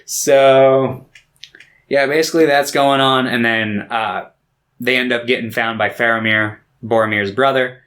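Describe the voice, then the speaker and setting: A man's voice: mid-range voice, steady tone, a little slow, fairly bright tone. A man co-hosting a movie podcast, retelling scenes in loose, profane casual chat and briefly putting on character voices. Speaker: podcast co-host.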